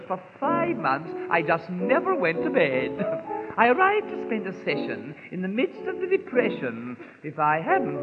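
A man playing a gushing, affected English society lady on a 1930s comic patter record, drawling and giggling. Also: high voice. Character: gushing posh English society lady back from New York. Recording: scratchy 1930s record, tinny and echoey, faint music.

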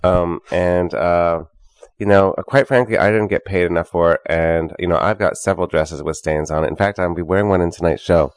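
Deep-voiced man cracking bawdy jokes. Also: brisk, dry recording, clean studio sound. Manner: bawdy, deadpan wisecracks. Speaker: guest, drag a cappella singer. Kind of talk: joking radio interview.

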